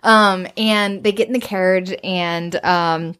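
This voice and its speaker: A woman's voice: on the low side, steady tone, takes it slowly, fairly bright tone, smooth. A woman co-hosting a podcast, chatting casually and enthusiastically about a romance novel, swearing freely and saying "like" a lot. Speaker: podcast co-host. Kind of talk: casual book discussion.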